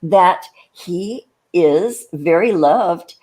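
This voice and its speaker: A woman's voice: on the low side, animated, drawn-out words, a little mellow, breathy edge. A woman co-hosting a live stream, rambling chattily and greeting viewers by name. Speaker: co-host.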